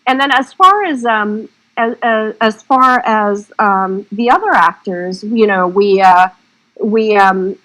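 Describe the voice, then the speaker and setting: A woman talks as a podcast guest, her voice sitting at an ordinary middle pitch. She tells her stories in a loose, rambling, chatty way, circling back as she goes. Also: takes it slowly, a bit bright, rough recording. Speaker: guest filmmaker. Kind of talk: casual interview chat.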